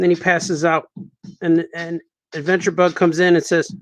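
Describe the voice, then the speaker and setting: A man's voice: a little high, flat delivery, normal speed, faint music behind, low-quality recording. A man, a cartoonist, chatting casually on a live stream while he draws, repeating himself as he works.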